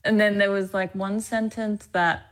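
A woman's voice: mid-range voice, level tone, unhurried. A young woman with an Australian accent, an actress chatting animatedly in an interview and laughing often. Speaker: actress guest. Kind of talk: casual interview chat.

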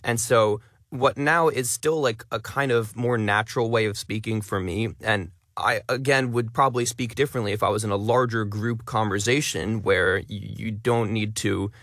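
A man who talks fast and stresses many words, a content creator being interviewed on radio in a studio. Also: lowish voice, fairly bright tone, no room sound.

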